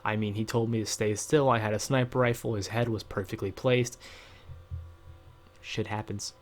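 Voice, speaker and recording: A man's voice: lowish voice, steady tone, moderate pace, background noise. Rambling young man chatting over gameplay. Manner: rambling, chatty, with many fillers and self-corrections. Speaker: gaming channel host. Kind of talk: casual let's-play commentary. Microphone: desk microphone.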